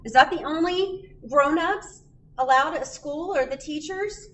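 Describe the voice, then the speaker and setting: A woman's voice: high voice, a little slow, a bit bright. A woman reading a picture book aloud for a library storytime, chatting and asking children questions. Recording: distant mic, faint background noise.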